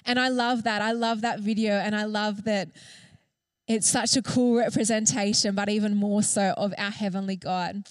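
A woman's voice: medium pitch, fairly even intonation, moderate pace, smooth, no room sound. A young woman giving an earnest, enthusiastic sermon, talking loosely with fillers. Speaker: church speaker.

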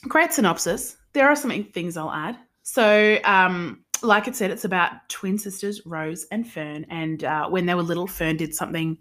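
A woman's voice: lowish voice, moderate pace, few pauses, fairly bright tone. An Australian woman co-hosting a casual book podcast, giggly and rambling, poking fun at herself. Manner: giggly, rambling, self-deprecating. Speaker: podcast co-host. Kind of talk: casual chat.

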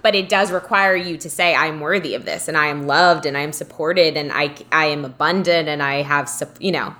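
A woman's voice: low-pitched, a little fast, pushed and bright. A woman co-hosting a casual podcast, talking about spiritual ideas in an encouraging way and often restarting her sentences. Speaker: podcast co-host.

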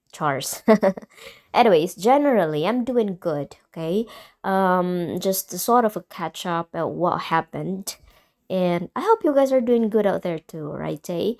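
A young Filipino woman with a mix of American and British in her accent, hosting a personal solo podcast and talking candidly and emotionally, often halting and restarting. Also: lowish voice, darkish tone. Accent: Filipino, mixed with American and British. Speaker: podcast host.

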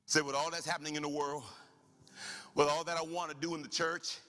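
A man preaching a sermon as the pastor of his church, animated, swinging from soft asides to shouted lines. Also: a little high, brisk. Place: church sanctuary. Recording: reverberant church hall.

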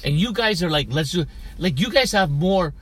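A man's voice: high voice, expressive, normal speed, a bit bright, dry recording. A man co-hosting a podcast, teasing and joking in casual banter. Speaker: podcast co-host.

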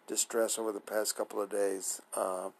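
A man's voice: fairly low pitch, little pitch movement, normal speed, vocal fry, breathy edge, poor audio. A man hosting his own talk show, speaking in a rambling, hesitant way with many fillers, sleepy and nervous. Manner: nervous, apprehensive. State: sleepy, yawning. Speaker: podcast host. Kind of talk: casual solo monologue.

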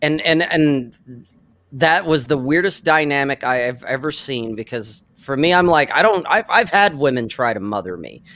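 A man chatting casually on a podcast, telling profane, animated stories. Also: fairly high pitch, normal speed, no room sound. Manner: profane storytelling, animated impressions. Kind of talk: casual chat.

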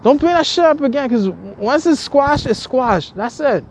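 A woman's voice: high-pitched, animated, normal speed, a little mellow, a little hiss or hum. A woman vlogger delivering a heated, profane rant to her viewers, repeating herself, stumbling over restarts and swearing constantly. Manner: angry, repetitive, stammering restarts, swears constantly.

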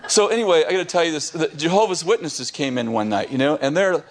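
A man who is a pastor, telling a lively story on a podcast, laughing often and restarting his sentences. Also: on the high side, quick pace, a little hiss or hum.

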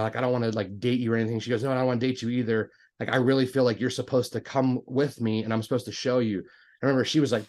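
Casting: male storyteller, mid pitch, conversational testimony with lots of "like" and restarts. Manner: animated, acts out both sides of conversations; frequent fillers and restarts, says "like" a lot.

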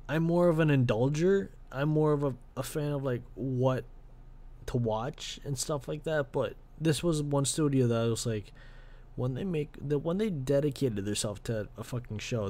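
A man's voice: medium pitch, warm tone. A male podcast host giving an emotional monologue, venting raw and profane, sighing heavily and dropping to near-whispers at times.

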